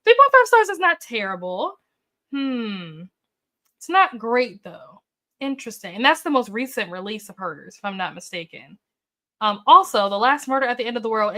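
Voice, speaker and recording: A woman's voice: a little high, pushed and bright. A woman hosting a casual book livestream, chatting with viewers, reacting to their comments with upbeat oohs and okays and thinking aloud with fillers. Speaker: booktube livestream host. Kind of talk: casual live chat with viewers.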